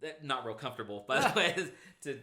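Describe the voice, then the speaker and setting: A man's voice: medium pitch, fairly quick. A man who works as a motivational speaker, telling stories in a casual conversation and acting out his own inner thoughts. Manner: animated storyteller, acts out his own inner dialogue.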